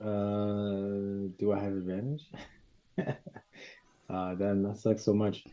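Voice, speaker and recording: Dude playing d&d, kinda unsure, lots of likes, muffled lo-fi audio. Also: male voice, fairly low pitch, flat delivery, takes it slowly, warm tone. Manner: uncertain, rambling with likes and ums. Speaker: player. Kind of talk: casual tabletop play.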